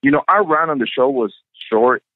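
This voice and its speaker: Man, podcast guest, lively swooping storyteller, swears freely, tinny dry sound. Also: mid-range voice, normal speed, no echo. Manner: animated, profane, laughs often. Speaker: actor guest. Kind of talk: casual interview storytelling.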